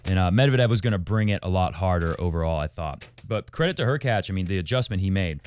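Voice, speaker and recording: A man's voice: deep voice, animated, quick pace, a little mellow, smooth. A man hosting a tennis podcast and working as a tennis coach, talking in a chatty, rambling way that jumps between tangents. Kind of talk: casual tennis commentary.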